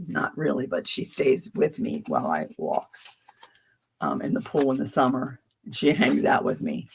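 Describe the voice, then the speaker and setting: A Philadelphia woman in her seventies hosts a tarot livestream, chatting casually and wandering from one story to the next with lots of laughter. Her voice is deep and gravelly, with slight background noise.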